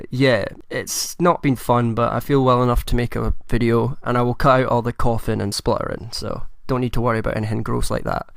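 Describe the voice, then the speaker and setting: A young man with a croaky voice from a chest infection, giving a measured, thoughtful solo commentary. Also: mid-range voice, dry recording. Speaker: commentary vlogger.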